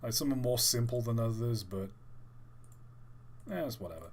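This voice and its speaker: A man's voice: medium pitch, lively intonation, normal speed. A man, chatting casually and joking about trains on a live stream. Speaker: co-host.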